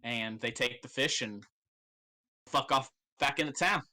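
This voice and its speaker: A man's voice: mid-range voice, a little slow, bright, forceful tone. A young man narrating as game master in a casual, swear-filled way.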